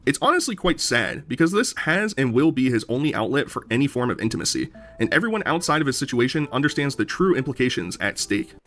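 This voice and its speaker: Male narrator, scripted documentary, sardonic, quick delivery. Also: medium pitch, sing-song, fairly bright tone. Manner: brisk, sardonic.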